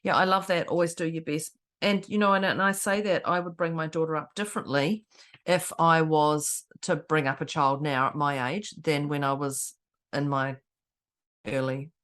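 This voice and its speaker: A woman co-hosting a casual mindset podcast, an animated storyteller who acts out the people she quotes. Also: low-pitched, moderate pace. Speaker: podcast co-host.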